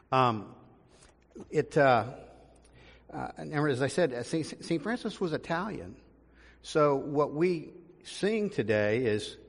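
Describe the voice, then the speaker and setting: A man, a pastor, giving a conversational sermon with frequent ums and restarts, building to emphasis. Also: mid-range voice. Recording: long reverb of a large room.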